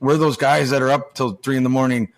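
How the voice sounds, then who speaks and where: On a podcast, a man in his forties speaks a little fast in a steady, mid-range voice. He played pro hockey and now coaches juniors, and his casual storytelling is loose, rambling and full of swearing, with quoted lines acted out.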